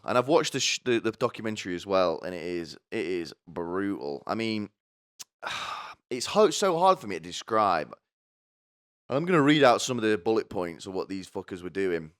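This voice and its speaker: Sarcastic man, low smooth voice. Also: no echo, studio quality. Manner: sarcastic, swearing, rambling with restarts. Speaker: commentator. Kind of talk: casual comedic commentary.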